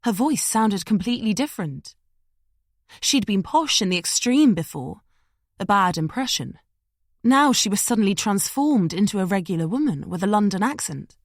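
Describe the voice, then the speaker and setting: Woman reading a thriller audiobook, steady and tense, dry close sound. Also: mid-range voice, normal speed, no room sound. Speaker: audiobook narrator. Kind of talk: scripted audiobook narration.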